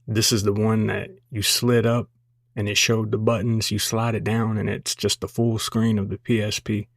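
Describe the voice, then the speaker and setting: A man in his twenties, a podcast host, casually telling a childhood story in a relaxed, self-deprecating way. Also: lowish voice, moderate pace, gravelly, no room sound, studio quality.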